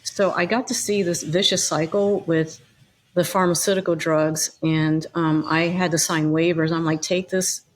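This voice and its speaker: A woman's voice: low voice, fairly even intonation, normal speed. A middle-aged woman, a podcast guest, telling her personal story in a conversational way with frequent fillers and restarts.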